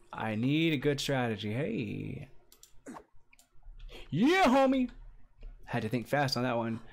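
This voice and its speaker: A man streaming a survival game live, chatting with viewers and reacting excitedly as he plays. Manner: excitable, chatty, greets viewers, bursts into high squeals and laughs. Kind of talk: casual live-stream commentary. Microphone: desk condenser mic.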